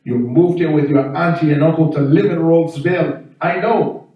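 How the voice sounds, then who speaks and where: A man voicing a touchy, stern immigrant neighbor who talks slowly and accusingly. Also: extremely high pitch, little pitch movement, dull audio, pitched above the performer's own voice. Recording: echoey room, distant mic.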